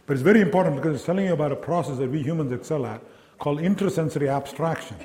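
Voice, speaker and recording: Man giving a lively lecture. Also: mid-range voice. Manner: lively, engaging, asks the audience questions; acts out sounds and quoted voices. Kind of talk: academic lecture to a live audience.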